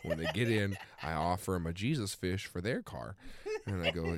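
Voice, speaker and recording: A man's voice: sits low, normal speed, a crowd in the background. A young man co-hosting a podcast, telling a long story in a casual way and laughing often as he goes. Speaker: podcast co-host.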